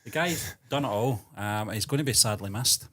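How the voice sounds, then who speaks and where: A man co-hosting a podcast, reading news in a measured way and chatting with hesitant pauses. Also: fairly low pitch, fairly bright tone. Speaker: co-host. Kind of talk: news reading and casual chat.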